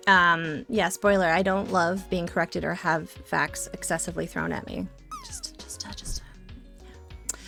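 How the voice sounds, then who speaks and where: A woman streamer chatting casually and playfully, rambling with sarcastic asides, at a home desk microphone. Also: medium pitch. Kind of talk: casual live-stream chat.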